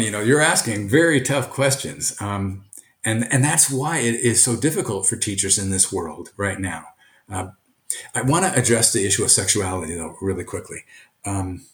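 An older retired teacher from Brooklyn, answering interview questions in an earnest, emphatic way. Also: male voice, fairly low pitch. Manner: earnest, emphatic, animated storytelling. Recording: echoey room.

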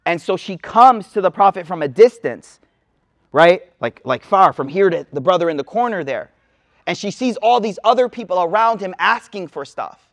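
A man's voice: sits high, normal speed. A man, giving an informal Islamic talk to a live audience in a slangy, storytelling way. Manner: casual, slangy storytelling with lively asides. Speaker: Islamic teacher. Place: room with a seated audience.

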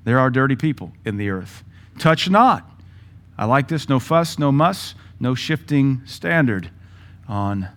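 A man in his thirties preaching a sermon in a blunt, folksy way, acting out his children's voices. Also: medium pitch. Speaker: pastor.

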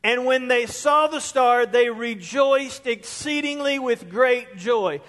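High-voiced male pastor, emphatic sermon delivery, long church-hall reverb. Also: slow, fairly bright tone. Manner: emphatic, rising to stress key words. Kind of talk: sermon with scripture reading. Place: church sanctuary.

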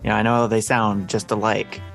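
A man's voice: fairly low pitch, little pitch movement, a little fast, gravelly, a bit bright, soft background music. A man hosting a casual podcast, upbeat and jokey, talking over a call with his co-hosts. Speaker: podcast host.

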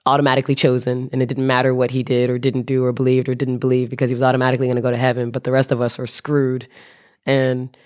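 A man recounting a travel mishap in a loose, conversational way. He stumbles, restarts and self-corrects often, with a wry, amused edge. He slips into quick impressions of the people in his story. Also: medium pitch, monotone, darkish tone. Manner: rambling, self-correcting, wry, acts out voices. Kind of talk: casual spoken anecdote.

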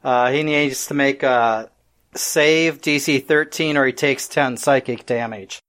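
A man playing in a tabletop role-play game, speaking in a deliberate, measured way. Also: mid-range voice, a bit bright. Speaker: player.

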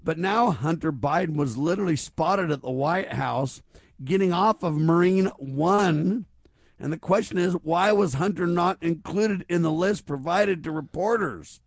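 A man's voice: a little high, measured pace, vocal fry, no echo, studio quality. A man hosting a talk radio show, speaking emphatically and stacking rhetorical questions. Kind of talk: conservative talk radio commentary.

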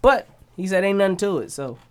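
A woman's voice: medium pitch, animated, fairly quick. A woman co-hosting a casual sports chat, blunt and joking, swearing freely. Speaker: podcast co-host.

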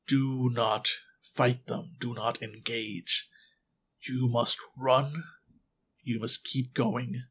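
A man voicing a stern male school principal who gives slow, grave, commanding orders to children. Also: mid-range voice, sharp tone, full character voice.

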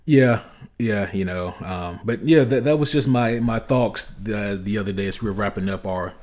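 A man's voice: lowish voice, moderate pace, darkish tone. A man co-hosting a comic book podcast in casual chat, rambling with many restarts and plenty of swearing. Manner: rambling, profane, frequent restarts. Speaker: podcast co-host.

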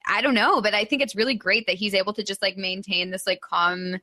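A woman's voice: mid-range voice, fairly even intonation, a little fast, pushed and bright. A young woman guesting on a recap podcast, chatty and full of fillers, often quoting others. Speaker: podcast guest, former player. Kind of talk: casual recap chat.

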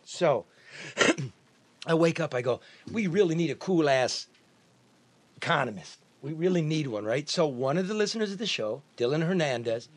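A man from the US Midwest hosting a podcast, talking loudly and profanely, joking and restarting sentences a lot. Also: medium pitch, no room sound. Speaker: podcast host. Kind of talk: casual chat.

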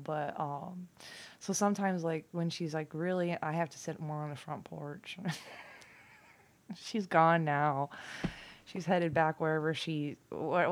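A woman talking casually and at length, profane and rambling, dropping from loud bursts to near-whispers. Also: low-pitched. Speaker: vlogger.

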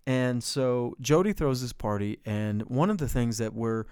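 Middle-aged male co-host, spins lively small-town yarns, cusses, jumps up high when worked up; close, dry mic. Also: measured pace, clear, resonant tone, dry recording. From Bloomfield, New Mexico. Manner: animated storyteller, swears, gets loud and high when excited. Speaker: podcast co-host. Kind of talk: casual storytelling chat.

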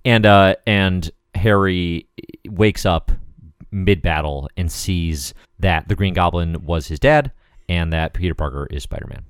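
A man's voice: low voice, unhurried, smooth, no room sound, clean studio sound. A man co-hosting a casual podcast, recapping comic plots in a rambling, hesitant way with many fillers. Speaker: podcast co-host. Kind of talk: casual comic-book discussion.

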